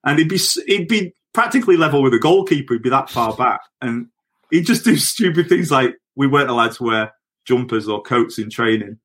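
His mid-range voice is brisk and fairly bright, with lively intonation. The speaker, a middle-aged ex-footballer, chats away on a podcast, telling anecdotes and laughing through them.

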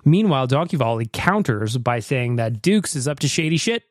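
A man's voice: mid-range voice, sing-song, moderate pace, no echo, studio quality. Jokey man hosting a podcast. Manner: jokey and playful, radio-host patter. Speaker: podcast host. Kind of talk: casual podcast chat reading voicemails. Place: podcast studio.

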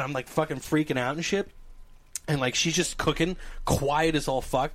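A man's voice: fairly high pitch, brisk, no echo. A man telling a story to his podcast co-hosts in casual chat, cursing freely and acting out the voices of the people in it. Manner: animated, profane, acts out dialogue with laughs. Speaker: podcast co-host.

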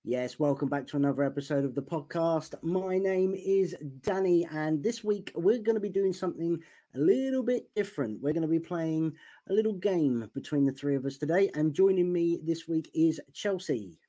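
A man's voice: a little high, lively intonation, moderate pace, dark tone. A man hosting a casual podcast on an online group call. He is chatty and self-deprecating, and his speech is full of ums. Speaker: podcast host.

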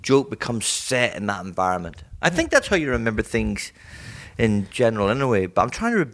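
Middle-aged male comic, lively storyteller, big pitch swings, does the voices. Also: a little fast. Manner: animated storyteller, acts out voices in his stories. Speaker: comedian guest. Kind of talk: casual chat, telling anecdotes and jokes.

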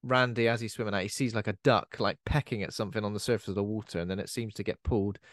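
A man's voice: lowish voice, fairly even intonation, rapid-fire, no echo, studio quality. A young man co-hosting a podcast, casually recapping a horror film's plot with loose asides. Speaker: podcast co-host. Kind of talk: casual film chat.

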